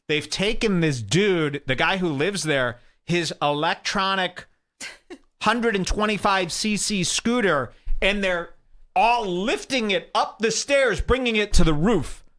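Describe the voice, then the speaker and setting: Bright, excitable male storyteller. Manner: excitable, profane, acts out quotes with big pitch jumps. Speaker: podcast host. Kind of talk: animated storytelling.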